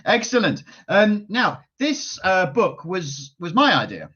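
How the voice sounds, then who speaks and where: A man's voice: sits high, sing-song, slow, husky. A man, a children's author, talking to young kids in a playful, chatty way and coaxing them to join in. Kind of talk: lively children's show with call-and-response. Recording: dull lo-fi sound with loud guitar and keyboard music.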